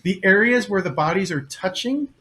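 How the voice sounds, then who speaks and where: A man acting as game master, narrating a tabletop game with calm, measured descriptions and rulings. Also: high-pitched.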